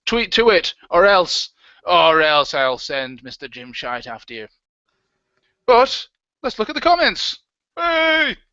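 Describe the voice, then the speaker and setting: Joking as he reads comments and tweets aloud, this livestream co-host speaks a little slowly in a slightly high voice that's very animated, bright and forceful. The audio is dry and dull, lo-fi with no echo.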